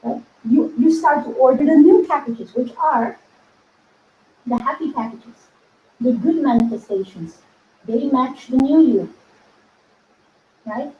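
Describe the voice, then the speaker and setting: A woman spiritual coach talking to her viewers in a casual teaching video, animated, laughing often and acting out inner voices. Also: sits high, measured pace, pauses often, echoey room, narrow, tinny audio.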